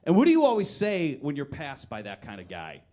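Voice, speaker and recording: Animated man telling a story on stage. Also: a little fast. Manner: animated, shouts quoted lines in a high voice. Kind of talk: live one-man comedy storytelling. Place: live music venue stage. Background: audience laughter.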